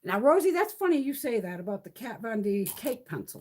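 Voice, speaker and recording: A woman's voice: a little high, big pitch swings, fairly quick, a little mellow, a little hiss or hum. A middle-aged woman chatting casually on a live stream from home, swearing freely and cooing at her cats. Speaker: beauty vlogger.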